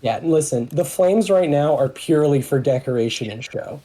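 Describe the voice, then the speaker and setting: A man playing a tabletop game, chatting casually in a halting, rambling way and swearing freely. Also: a little high, expressive, warm tone, rough recording. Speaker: player.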